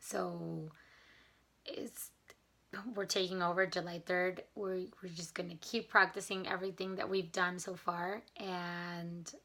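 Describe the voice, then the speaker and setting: A woman's voice: on the low side, level tone, unhurried, vocal fry, bright, forceful tone. A woman vlogging in a casual, earnest chat to camera, grateful and a little emotional as she talks. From not from Canada. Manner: enthusiastic about mindset and gratitude.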